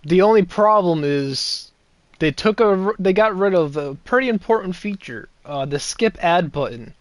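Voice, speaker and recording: A man's voice: high-pitched, lively intonation, moderate pace, no room sound. A young man giving casual, rambling gameplay commentary with sarcastic asides and chuckles. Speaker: gameplay streamer.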